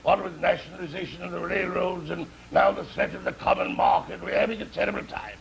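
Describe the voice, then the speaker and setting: A man's voice: sits high, fast talker, vocal fry, a crowd in the background, voice pushed up. A man voicing a male English bulldog who grumbles gloomily, as a joke told on a vintage comedy talk show. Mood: gloomy. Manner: gloomy complaining. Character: glum English bulldog, male, grumbling about his country.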